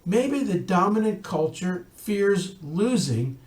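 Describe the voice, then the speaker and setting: A rabbi giving an earnest recorded talk, telling a story and adding wry asides. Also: male voice, high-pitched, big pitch swings, takes it slowly, a little mellow, echoey room.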